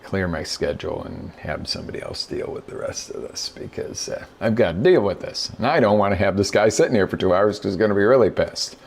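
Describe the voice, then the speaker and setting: Here the same kind of host, a middle-aged business coach, speaks in a low, gravelly voice. His motivational talk is casual and story-driven, and he plays out each quote like a conversational storyteller.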